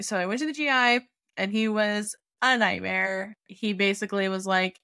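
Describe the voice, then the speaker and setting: A young woman co-hosting a casual podcast, telling a story in an animated way, acting out what others said and swearing freely. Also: mid-range voice, normal speed, clean tone, dry recording, studio quality. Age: young adult. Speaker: podcast co-host.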